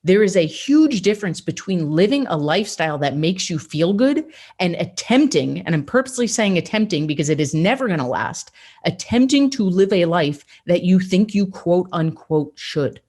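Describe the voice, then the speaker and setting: A woman's voice: fairly low pitch, animated, normal speed, darkish tone. A woman hosting a motivational podcast, talking straight to the listener in an emphatic, upbeat coaching way. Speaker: podcast host.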